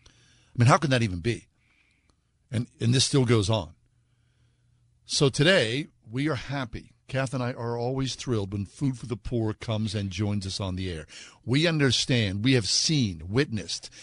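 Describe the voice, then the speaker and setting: A man's voice: mid-range voice, no echo. A man co-hosting a radio show, making an earnest fundraising appeal with repeated calls to give. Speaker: radio co-host.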